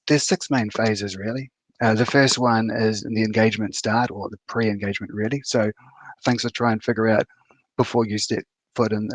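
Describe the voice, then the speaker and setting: A man's voice: fairly low pitch, no room sound. A man in his fifties giving a conference talk over a video call, casual and full of fillers and restarts. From New Zealand. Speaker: conference speaker.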